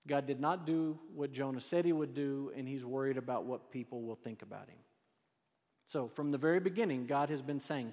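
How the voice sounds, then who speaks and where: Male preacher, mid-pitched voice, chatty storytelling sermon, long hall reverb. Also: a little fast. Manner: conversational, lively storytelling with rhetorical questions. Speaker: pastor.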